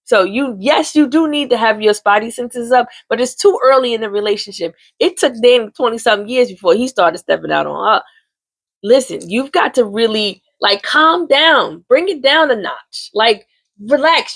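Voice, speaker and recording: A woman recaps a soap opera for her viewers with sass and slang, talking straight at them. Her voice sits high and gets animated as she goes. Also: normal speed. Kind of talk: casual chatty recap.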